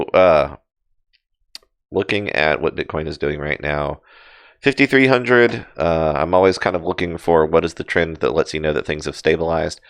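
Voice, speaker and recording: A man's voice: extremely low pitch, creaky, no room sound, clean studio sound. A man giving casual live crypto chart commentary, rambling with many fillers and self-deprecating asides. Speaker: crypto market streamer.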